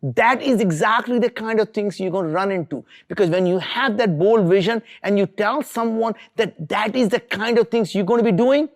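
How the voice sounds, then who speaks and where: A man's voice: sits high, normal speed. A middle-aged man from India, giving an earnest, emphatic motivational talk as an entrepreneur. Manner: earnest, emphatic, repeats for stress. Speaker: entrepreneur speaker.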